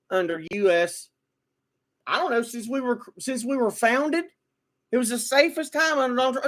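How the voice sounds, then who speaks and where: Here the man's pitch is extremely high and his tone fairly bright as he holds forth on political opinions. He stumbles through repetitive restarts before erupting into emphatic outbursts.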